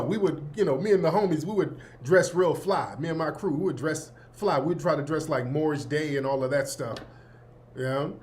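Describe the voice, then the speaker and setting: A man in his fifties hosting a show, telling school stories in a casual, slangy way and often laughing. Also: fairly high pitch. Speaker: host. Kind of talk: casual storytelling.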